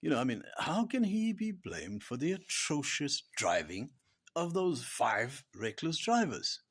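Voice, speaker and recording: A man delivering a dry, humorous monologue, his pitch rising and falling in a lively way. He slips into quiet whispered asides for punchlines and keeps a wry, deadpan tone throughout. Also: a little slow, slightly rough. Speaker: blogger and author. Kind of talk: humorous spoken commentary.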